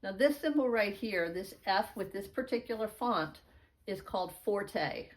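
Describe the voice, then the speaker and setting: A woman's voice: mid-range voice, lively intonation, a little slow. A middle-aged woman teaching a beginner piano lesson, explaining patiently and chanting note counts in an encouraging way.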